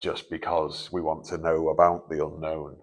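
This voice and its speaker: A man with a very deep voice hosts a nighttime ghost hunt in a canal tunnel, speaking at a moderate pace in a level tone with no echo. The paranormal investigator jokes, swears freely, and calls out to a spirit in casual chat.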